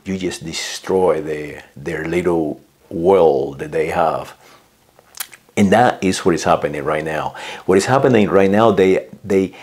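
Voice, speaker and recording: Slow low-voiced man ranting. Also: darkish tone. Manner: slow, hesitant, repeats words and says "uh" often; lectures with acted quotes. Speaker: vlogger. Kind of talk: political rant.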